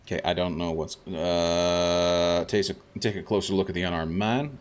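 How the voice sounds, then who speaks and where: Male streamer, deep voice, loose chatty commentary, reads game text aloud, curses at setbacks. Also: steady tone, moderate pace, clean tone. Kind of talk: casual gameplay commentary.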